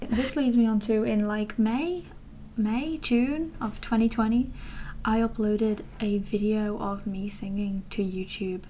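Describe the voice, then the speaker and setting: Young woman, 19, fairly high voice, casual rambling vlog, self-deprecating. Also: a little slow, mellow, a little hiss or hum. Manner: chatty, self-deprecating, many fillers and asides. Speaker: vlogger.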